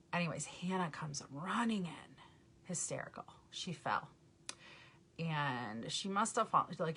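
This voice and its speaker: Mom makeup vlogger, live chat, low-pitched but sharp and bright, laughs a lot, greets viewers. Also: female voice.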